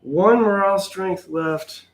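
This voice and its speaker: A man's voice: high-pitched, takes it slowly. A man giving a wry, sarcastic play-by-play of his own solo tabletop wargame, sounding mildly exasperated. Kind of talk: casual play-by-play of a tabletop game.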